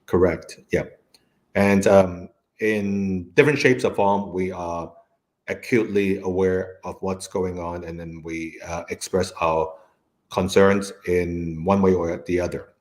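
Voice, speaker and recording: A man's voice: deep voice, steady tone, unhurried, a little mellow. A man hosting an interview, speaking hesitantly with many fillers. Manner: hesitant, with many ums and uhs. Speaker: talk show host. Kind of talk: conversational interview.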